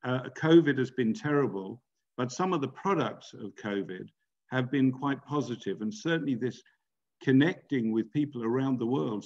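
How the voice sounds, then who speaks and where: A man from Britain speaks on a video call in a chatty, personal way, restarting phrases now and then. His voice sits at a middle pitch. The audio is dull and narrow. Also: vocal fry, a little mellow. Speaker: rabbi. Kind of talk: speaking to a joint congregation event on a video call.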